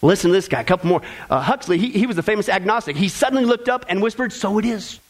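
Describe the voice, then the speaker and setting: A man's voice: high voice, animated, racing, low-quality recording. A man preaching a sermon with emphatic, repeated phrases, speaking directly to the congregation.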